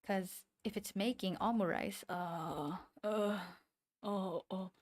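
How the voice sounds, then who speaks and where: A VTuber with a non-standard English accent chats casually while drawing, speaking slowly in a mid-range voice with a darkish tone. She rambles, talks to herself, and drops small giggly asides.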